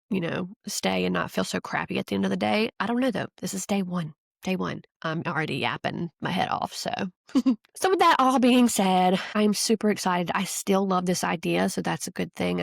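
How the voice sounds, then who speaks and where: A woman hosting her own podcast, chatting casually and reading out a listener's story, giggling easily and talking in an animated, lively way. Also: lowish voice, gravelly, no room sound, studio quality. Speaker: podcast host. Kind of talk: casual solo podcast chat.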